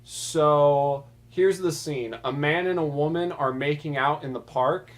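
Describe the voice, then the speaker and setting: A man's voice: a little high, a little slow. A young man casually talking through funny cartoon scenes, chatty with many fillers. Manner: chatty, filler-heavy, relaxed. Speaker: video host.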